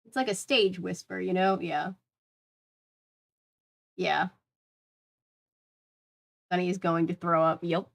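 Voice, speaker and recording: A woman's voice: lowish voice, fairly even intonation, slow, gravelly, long pauses. Chatty woman reading a book aloud. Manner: chatty, rambling asides with fillers. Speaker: book reader. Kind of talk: casual read-aloud with asides.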